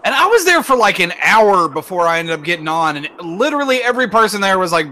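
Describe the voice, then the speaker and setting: A man's voice: high-pitched, sing-song, fast, few pauses, bright, forceful tone, rough recording. A man co-hosting a casual chat, telling a story in a wry tone. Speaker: podcast co-host.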